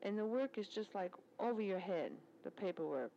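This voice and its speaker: A woman's voice: mid-range voice, animated, moderate pace, mellow, muffled recording, slight background noise. A woman recording a spoken letter, chatting in a rambling, storytelling way about her work at a military service club.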